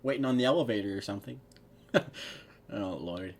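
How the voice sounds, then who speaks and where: A man with a fairly low pitch and a brisk delivery reads fan fiction out loud at home, with slight background noise. He keeps stopping to laugh, curse and poke fun at the writing as he comments casually.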